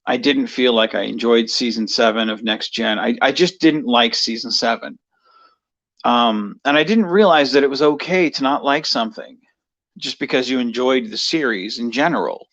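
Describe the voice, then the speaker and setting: A man's voice: mid-range voice, moderate pace, a bit bright, lo-fi sound. A man rambling through a casual personal monologue for his video, full of fillers and restarts. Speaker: vlogger.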